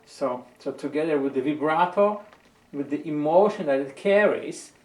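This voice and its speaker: A man's voice: fairly high pitch, lively intonation, normal speed, heavy background noise. A man teaching a violin lesson, patiently coaching and often repeating words as he searches for the right phrasing. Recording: roomy sound from a distant mic.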